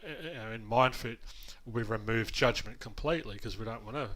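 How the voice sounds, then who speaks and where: A man's voice: mid-range voice, fairly quick, a bit bright. A man co-hosting a podcast, talking in an upbeat, coaching way and swearing casually. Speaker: podcast co-host, program founder. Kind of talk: casual chat.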